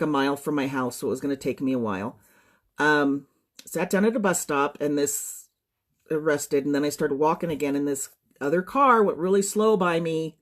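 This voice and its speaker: A woman giving a personal testimony straight to her viewers. She is shaken and fights to keep her composure, with many pauses and ums. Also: sits low. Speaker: social media storyteller.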